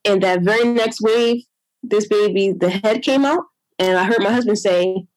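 A woman's voice: moderate pace, no echo, rough recording. Woman recounting a story in a dry, close sound. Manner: animated, acts out her own past words in a higher voice; frequent fillers like "I'm like" and "you know". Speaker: guest telling her birth story. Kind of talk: casual personal storytelling.

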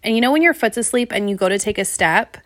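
Young woman, podcast host, chatty storyteller who laughs a lot, mid pitch. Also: lively intonation, fast talker, fairly bright tone, no room sound, clean studio sound. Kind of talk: casual solo podcast chat.

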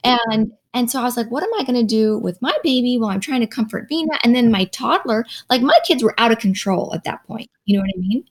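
A woman's voice: fairly high pitch, fast, few pauses. A woman in her thirties, a pediatric radiologist, telling a story in casual conversation and acting out what people said. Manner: animated storyteller who acts out quoted dialogue.

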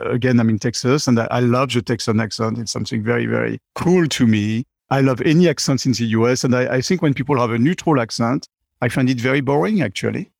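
A man's voice: medium pitch, creaky, no room sound, clean studio sound. A middle-aged man, a chatty interview guest who fills his talk with "you know". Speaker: guest, company CEO. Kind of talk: conversational interview.

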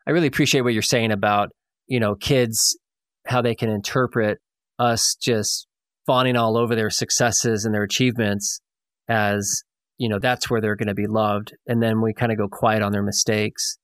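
A man's voice: on the low side, steady tone, normal speed, a bit bright, no room sound. Friendly male host, reflective and affirming, dry sound. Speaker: podcast host. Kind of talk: casual interview conversation.

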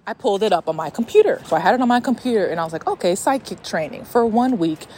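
This podcast host, a young woman, talks fast in a mid-range voice as she walks outdoors sharing a personal story. She's casual and animated, swears a lot, and keeps restarting sentences, while a slight hiss or hum runs underneath.

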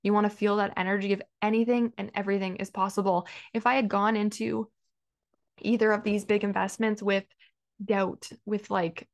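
Woman podcaster telling her story, earnest and emotional, lots of "like", middle pitch. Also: fairly even intonation, normal speed. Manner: earnest, emotional, fond of "like" and repeated words. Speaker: business coach and podcast host. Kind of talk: personal storytelling monologue.

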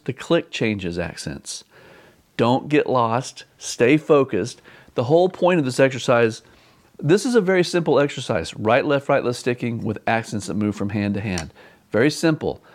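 A man at an ordinary mid pitch leads an online drum lesson. He explains a counting exercise step by step, repeats key points and counts the beats aloud. His delivery is patient and steady. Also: normal speed. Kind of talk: instructional lesson.

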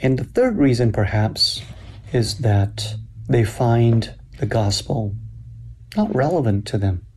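A man giving a slow, deliberate sermon-style talk at a church summit, explaining scripture with emphatic pauses. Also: medium pitch, big pitch swings, a little mellow, a little hiss or hum.

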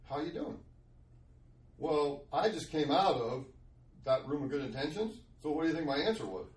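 A man's voice: on the high side, expressive, fairly quick, echoey room, far from the mic. A middle-aged man sharing a Christian testimony in a conversational podcast, telling his story earnestly. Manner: earnest storytelling, acts out quoted voices.

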